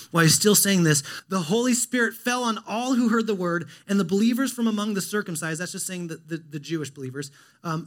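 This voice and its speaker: A man with a fairly high voice preaches a sermon. He talks in a relaxed, conversational way and often restarts his sentences, and his delivery turns animated as he explains the passage. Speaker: pastor.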